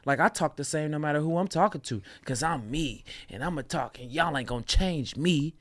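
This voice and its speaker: A man co-hosting a casual reaction show, speaking in an animated, opinionated way. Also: a little high, brisk, few pauses, dry recording. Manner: animated, opinionated, slips into mocking voices. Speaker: co-host.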